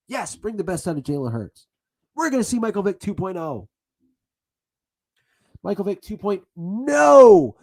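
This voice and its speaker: A man ranting angrily as a football fan, swearing and bursting into shouts between sarcastic retellings. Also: sits high, husky. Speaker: sports vlogger. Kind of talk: angry fan rant.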